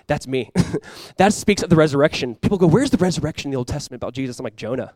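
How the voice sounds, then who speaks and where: A male pastor preaching a sermon in an animated way, acting out quoted voices and often repeating words as he goes. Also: fairly high pitch, racing, no room sound.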